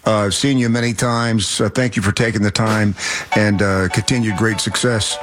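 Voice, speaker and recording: A man's voice: fairly low pitch, fairly even intonation, normal speed. A man hosting a radio interview, chatty and laughing easily. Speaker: radio host.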